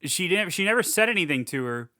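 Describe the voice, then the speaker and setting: A man co-hosting a podcast, rambling casually through a movie recap, laughing and throwing in quick character voices. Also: high-pitched, very animated, bright, forceful tone, dry recording, clean studio sound. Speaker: podcast co-host.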